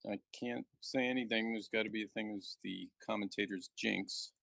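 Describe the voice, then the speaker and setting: Gravelly joking backgammon commentator, man. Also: lowish voice, normal speed, dry recording. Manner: joking, relaxed banter. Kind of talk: live game commentary.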